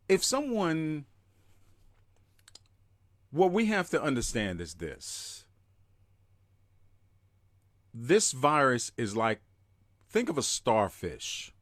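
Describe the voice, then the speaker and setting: Male podcast host, slow and emphatic, lively pitch, dry close sound. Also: dry recording. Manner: emphatic, greets listeners in chat by name. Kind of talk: live podcast monologue.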